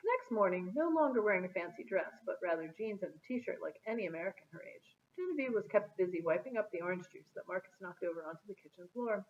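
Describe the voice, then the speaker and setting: Woman reading children's book aloud, expressive storytelling, lively pitch, narrow phone-like audio. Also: quick pace, few pauses. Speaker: storybook reader.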